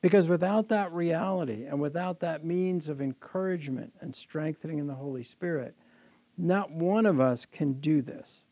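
A man's voice: on the high side, normal speed, mellow, no echo. A man preaching a sermon as pastor to his congregation, earnest and often repeating words as he restarts.

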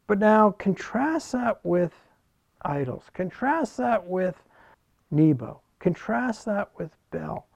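Male pastor, sermon, high pitch, gravelly voice, dull lo-fi sound. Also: big pitch swings, slow pace, a little mellow, dry recording. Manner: earnest expository preaching, reads scripture aloud.

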